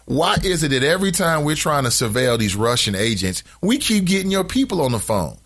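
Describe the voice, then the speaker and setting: A man's voice: on the high side, a little fast. A man hosting a talk radio show, reading out listener comments and ranting emphatically about them in a casual way. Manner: animated, emphatic, preachy rants.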